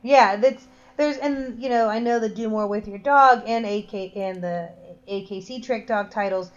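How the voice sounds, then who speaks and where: A woman's voice: fairly high pitch, normal speed. A woman co-hosting a podcast, chatting casually about training her dogs, rambling with restarts. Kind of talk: casual chat. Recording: dull lo-fi sound.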